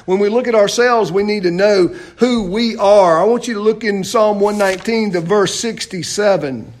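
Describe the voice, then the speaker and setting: A man preaching a sermon, asking rhetorical questions and often dropping suddenly to a quiet voice. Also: high voice, normal speed. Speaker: pastor.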